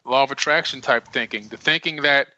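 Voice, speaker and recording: A man's voice: medium pitch, brisk, bright, forceful tone. A man speaking as a guest on a radio interview, earnest and emphatic. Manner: earnest, emphatic, preaching self-empowerment. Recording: dull lo-fi radio audio.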